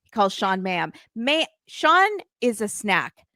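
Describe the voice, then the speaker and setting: A woman hosting a casual recap chat, telling the story with lively acted-out quotes and free swearing. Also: mid-range voice, slow, no room sound, clean studio sound. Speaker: podcast host.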